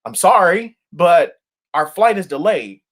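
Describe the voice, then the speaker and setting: Male pastor putting on a calm, apologetic woman gate agent in a spoken story; soothing, everyday tone. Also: high-pitched, unhurried, full character voice. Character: weary polite female airline gate agent.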